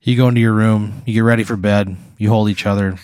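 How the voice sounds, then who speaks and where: A man telling an improvised comic story in the second person, in a deadpan, rambling way. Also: on the low side, fast, clean tone, no echo, studio quality.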